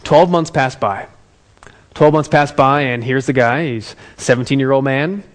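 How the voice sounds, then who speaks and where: A man telling a story to an audience as a motivational speaker, in an animated, conversational way. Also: medium pitch, moderate pace. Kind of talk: storytelling talk.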